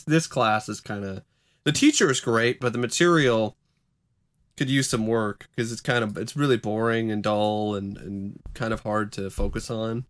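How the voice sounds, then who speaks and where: A young college student co-hosting a podcast, rambling and hesitant, often correcting himself. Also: male voice, on the low side, a bit bright. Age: young adult. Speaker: podcast co-host. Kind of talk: casual chat.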